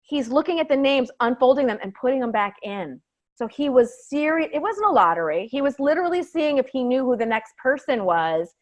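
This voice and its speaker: A woman comedian telling a story in a casual interview, animated and swearing, often saying "like". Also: high voice, brisk, lo-fi sound. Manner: animated, swearing, heavy use of "like". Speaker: stand-up comedian, guest.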